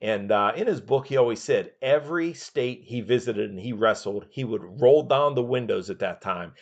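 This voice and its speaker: A man's voice: mid-range voice, expressive, moderate pace, muffled recording. A man hosting a podcast, rambling through his memories in a casual monologue with many fillers. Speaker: podcast host.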